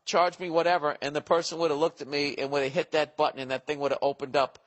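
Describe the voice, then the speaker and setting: A man in his forties hosting a podcast, telling a comic story in a profane, animated rant. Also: on the high side, quick pace. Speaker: podcast host. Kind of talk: casual comedic monologue.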